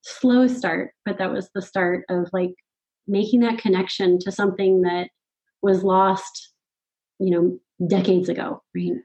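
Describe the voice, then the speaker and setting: A middle-aged woman, a podcast guest, telling a personal story in casual conversation, animated and laughing often. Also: medium pitch, a little slow, low-quality recording. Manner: animated, laughs often, quotes her own thoughts.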